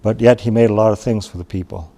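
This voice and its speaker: A man from Wisconsin tells a traditional story in a low, gravelly voice. His tone is mellow and plain-spoken. He talks unhurriedly, with pauses and restarts. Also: fairly even intonation.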